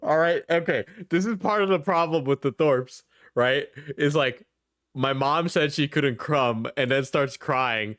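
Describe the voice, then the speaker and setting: A man's voice: fairly high pitch, measured pace, a bit bright, no room sound, clean studio sound. Rambling, chuckling guy streamer. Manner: rambling, laughs often, trails off. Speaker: streamer reacting to clips. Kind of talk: casual chat.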